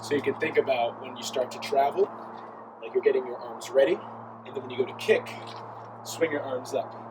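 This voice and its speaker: A man's voice: medium pitch, moderate pace, noisy background. Man counting dance steps aloud. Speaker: dance instructor. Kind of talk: dance tutorial while demonstrating.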